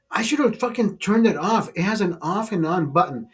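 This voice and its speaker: Man host, fairly high voice, loose, swearing, laughing, casual storytelling. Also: animated, fairly quick, hardly any pauses, a bit bright. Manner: profane, rambling, laughs often, repeats himself. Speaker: show host. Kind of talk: casual live-stream storytelling. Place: studio.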